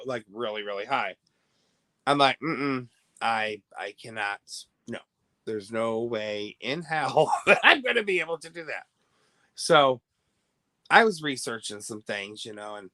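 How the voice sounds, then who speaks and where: A man chats casually to his audience, drifting through a long anecdote and often losing his thread. His voice is bright and a little low, and he takes his time. It sounds dry and close, with no room echo. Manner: rambling, chatty, self-interrupting. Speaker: host. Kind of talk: casual storytelling to viewers.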